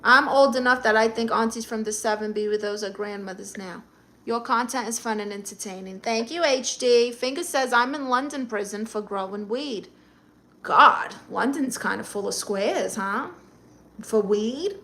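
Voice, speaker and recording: A woman's voice: on the high side, normal speed, sharp tone. A middle-aged woman with a Brooklyn accent, hosting a live stream and reading chat comments aloud with blunt, sassy comebacks.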